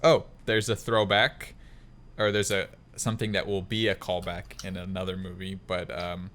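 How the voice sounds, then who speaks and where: A young man co-hosting a casual film review chat, rambling and laughing often, dropping in quick quoted impressions of lines. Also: deep voice, level tone, fairly bright tone. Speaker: podcast co-host.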